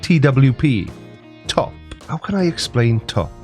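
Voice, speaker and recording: A man's voice: mid-range voice, very animated, measured pace, a little mellow, soft background music. A Welsh man in his forties, a comedy host explaining local sayings in a dry, mock-serious, playful way. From Wales. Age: 40s. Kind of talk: scripted comic explainer to camera.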